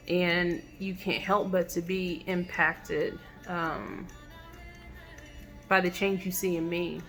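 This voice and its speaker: A woman telling a personal story in a reflective, halting way, with many fillers and restarts. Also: lowish voice, creaky, fairly bright tone. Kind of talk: personal testimonial monologue.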